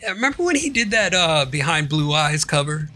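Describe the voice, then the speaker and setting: A man's voice: a little high, very animated, brisk, bright, forceful tone. A middle-aged man co-hosting a podcast in casual chat, laid-back and dismissive, laughing often. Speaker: podcast co-host.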